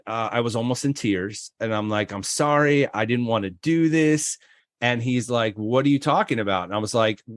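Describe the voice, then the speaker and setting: On a studio-quality recording with no room sound, a middle-aged Florida man guests on a podcast and tells an animated story. He acts out quotes with gusto, leaping into high voices for the other characters.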